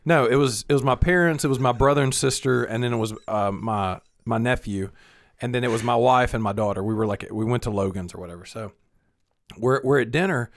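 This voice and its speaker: A man's voice: medium pitch, fairly quick. A middle-aged man co-hosting a podcast, telling stories in casual, profane chat. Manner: animated storyteller, swears freely. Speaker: podcast co-host.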